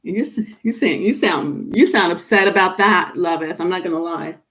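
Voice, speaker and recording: With some hiss or hum in the background, a woman with a lowish, somewhat bright voice reads tarot on a live stream at a moderate pace. She keeps things casual and chatty, reading comments from viewers aloud and calling them honey.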